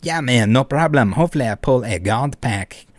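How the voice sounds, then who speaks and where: A man's voice: mid-range voice, animated, moderate pace, no echo, natural voice. Guy doing a smug scammer dude, fake french cowboy drawl, dry sound.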